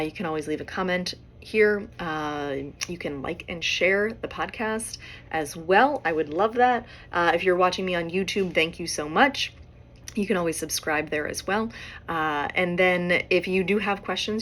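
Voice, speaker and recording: A woman hosting a podcast, talking through relationship advice in a relaxed, conversational way and often checking in with "right?". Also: on the low side, slight background noise. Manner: conversational, frequent "right?" tag questions. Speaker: podcast host and therapist. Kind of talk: casual advice monologue.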